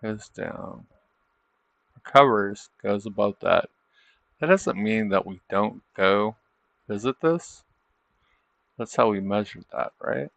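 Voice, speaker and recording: Gravelly low-voiced man. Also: a bit bright, dry recording. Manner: rhetorical tag questions; loose, chatty, thinking aloud. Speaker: trading livestream host. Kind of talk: casual livestream chart commentary.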